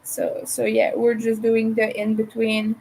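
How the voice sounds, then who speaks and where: A woman's voice: on the high side, monotone, a little slow, creaky, darkish tone, slight background noise, low-quality recording. A woman from Montreal with a Montreal English accent, hosting a casual crochet livestream from home, rambling and thinking aloud as she works. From Montreal, Canada. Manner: rambling, chatty, thinks aloud while crafting.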